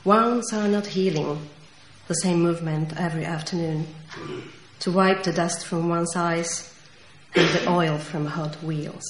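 A woman's voice: fairly low pitch, fairly even intonation. Central Eastern European woman reading poetry. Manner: slow, measured reading with dramatic stresses. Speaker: poet. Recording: echoey room with faint noise.

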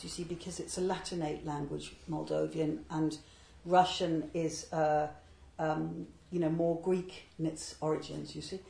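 A woman, a literary translator, explaining a poet's life in a digressive way and reading verse slowly and deliberately. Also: low voice, level tone, creaky, dark tone, reverberant, rough recording. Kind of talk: talk on poetry with a verse reading.

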